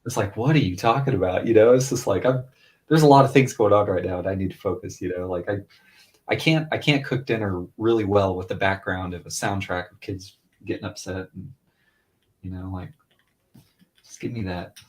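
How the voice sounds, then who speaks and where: A man in his thirties tells a long, rambling story in easy, casual chat. His voice sits fairly low, and he raises it whenever he quotes someone else. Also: fairly quick. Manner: rambling storyteller, loose and chatty, quoting others in a lifted voice. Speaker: podcast co-host, father.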